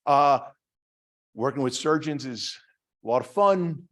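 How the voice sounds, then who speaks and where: A middle-aged department head from Massachusetts, with a Boston accent, gives a chatty, self-deprecating lecture to an audience, full of fillers and restarts. He speaks at a measured pace in a medium pitch, a bit bright with lively intonation.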